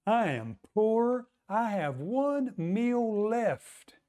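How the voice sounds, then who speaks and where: An outraged poor widow, voiced by a male preacher speaks slowly and with disbelief. The voice sits fairly high, as the preacher does the part mid-sermon. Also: sing-song, warm tone, heavily acted. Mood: indignant.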